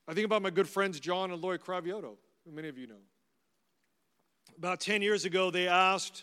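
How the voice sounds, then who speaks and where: A man's voice: sits high, brisk, smooth. A middle-aged man, a pastor, telling personal stories in a conversational, humorous sermon. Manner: conversational, anecdotal, warmly humorous. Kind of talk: storytelling sermon. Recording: long reverb of a large hall.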